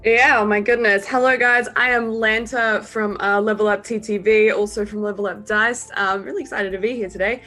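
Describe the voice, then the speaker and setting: A woman player excitedly introducing her character, with frequent ums. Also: medium pitch, moderate pace, hardly any pauses, soft background music.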